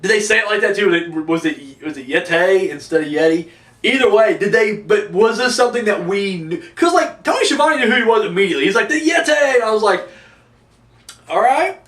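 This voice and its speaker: A man's voice: high voice, lively intonation, fast, fairly bright tone. A man giving a casual, rambling and profane video review, with a sarcastic edge. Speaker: wrestling reviewer. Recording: echoey room, distant mic.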